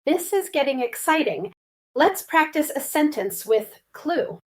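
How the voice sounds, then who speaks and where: A woman's voice: sits high, sing-song, unhurried. A woman co-hosting a lesson for English learners, eagerly asking questions about the story. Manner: curious and eager, asks many questions. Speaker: co-host.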